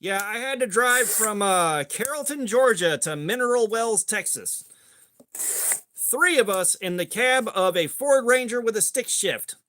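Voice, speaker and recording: A man's voice: high-pitched, animated, a little slow, pushed and bright, slight background noise. A middle-aged man hosting a casual livestream chat, rambling and swearing freely with a lot of filler. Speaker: host.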